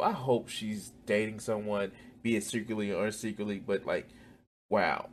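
A man's voice: on the low side, fairly even intonation, moderate pace. A man hosting a reaction video, reacting with heavy swearing, laughter and exclamations. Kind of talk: profane reaction commentary.

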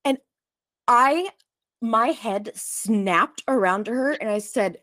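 A woman telling a story in casual chat, fast and lively, full of likes, acting out what others said. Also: fairly high pitch, no echo, clean studio sound. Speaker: storyteller guest.

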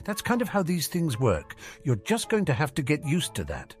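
A man's voice: fairly high pitch, huge pitch swings, moderate pace, soft background music, pitched above the performer's own voice. Man reading as a cheeky teenage wizard. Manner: teasing, mock-dramatic. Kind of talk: audiobook character reading.

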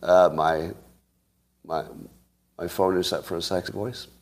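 A man's voice: low voice, steady tone, a little slow. A man from California hosting a show, chatting casually and joking as he rambles between topics. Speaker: host. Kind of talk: casual chat with listeners.

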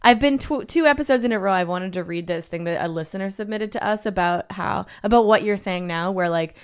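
Chatty woman podcast host, smooth voice. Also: medium pitch, brisk. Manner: laughing, chatty, teasing. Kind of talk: casual chat.

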